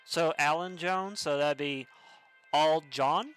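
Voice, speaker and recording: A man's voice: a little high, slow pace, a bit bright, clean tone, soft background music. Amused man commenting on a game. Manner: amused, chuckling asides. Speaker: gaming YouTuber. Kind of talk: let's play commentary.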